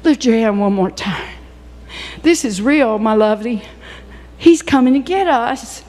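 Older female preacher, higher voice, fervent and animated, echoing church hall. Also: measured pace, pauses often. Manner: emotional, animated preaching with sudden whoops. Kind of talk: sermon.

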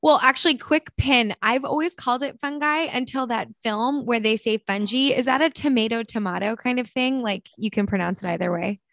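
A woman's voice: on the high side, brisk, creaky, few pauses, fairly bright tone, dry recording. A woman in her thirties hosting a casual interview, chatty and self-interrupting, laughing easily. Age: 30s. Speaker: podcast host.

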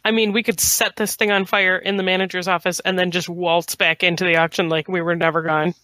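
A woman throwing wry jokes into a tabletop game. Her voice is bright and crisp, recorded dry and close. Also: lowish voice, little pitch movement, brisk, dry recording. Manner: wry, joking. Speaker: player. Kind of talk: casual tabletop play.

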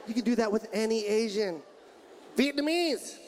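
A man performing a stand-up comedy routine on a club stage, with a loud, punchy, exaggerated delivery. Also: sits high, lively intonation, moderate pace. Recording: stand-up clip, loud crowd and noise.

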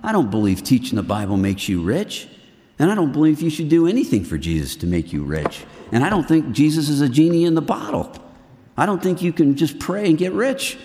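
A middle-aged man preaching to a group of men in a lively, earnest way, swinging between loud and hushed. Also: fairly high pitch, fairly quick, long reverb tail, a little hiss or hum. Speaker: men's ministry speaker. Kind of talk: sermon.

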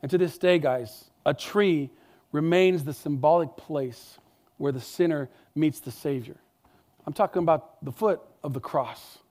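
Brief: male preacher with a high-pitched voice, animated and emphatic, talking to the congregation in a chatty way. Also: measured pace. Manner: animated, emphatic, conversational asides. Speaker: pastor. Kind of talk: sermon.

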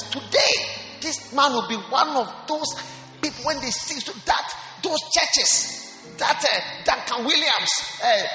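Excitable high-voiced bishop preaching. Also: male voice, roomy sound, in a large hall, rough recording. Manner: excitable, preachy, shouts and exclaims often. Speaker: bishop leading a church service. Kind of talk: sermon with on-stage testimony interview. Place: large church hall.

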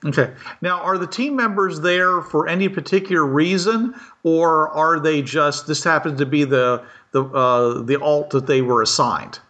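A man's voice: on the high side, moderate pace, few pauses, pushed and bright, lo-fi sound. A man hosting a casual chat, chuckling often and asking clarifying questions. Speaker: host.

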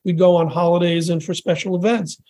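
A man in his sixties, a podcast guest, telling rambling, animated anecdotes with restarts and quoted voices. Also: high voice, a little fast. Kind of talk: casual storytelling interview.

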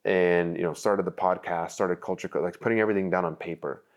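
A man's voice: deep voice, steady tone, brisk. A young man, an interview guest, telling his life story with many likes and restarts, at times emotional. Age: young adult.

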